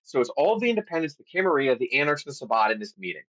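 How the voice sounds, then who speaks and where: A man telling a long game story on a podcast in a lively, casual way, swearing now and then. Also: mid-range voice, rapid-fire. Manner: animated storyteller, acts out quotes, swears casually. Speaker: podcast co-host. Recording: dull lo-fi audio.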